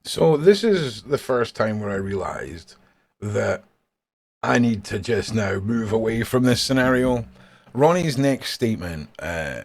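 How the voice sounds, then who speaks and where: A man's voice: fairly low pitch, very animated, measured pace. A man from Scotland with a Scottish accent, narrating a feud and reading messages aloud in a sarcastic, mocking, profane way. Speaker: YouTuber.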